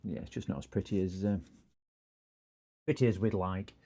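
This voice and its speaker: A man's voice: low voice, steady tone, normal speed, dark tone. A man with a broad Scottish accent chatting casually on a live stream while repairing computers, greeting viewers and rambling through stories. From Scotland.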